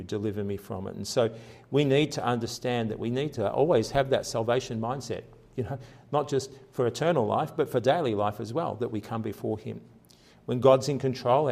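A man preaching a sermon in an earnest, conversational way, rising for emphasis and dropping soft for quiet passages. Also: lowish voice, creaky. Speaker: pastor.

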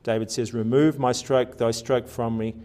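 A male pastor delivering a sermon in an earnest, conversational tone. His voice sits at an ordinary middle pitch, climbing and growing louder for emphasis, then dropping soft and low in reflective moments. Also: little pitch movement, moderate pace.

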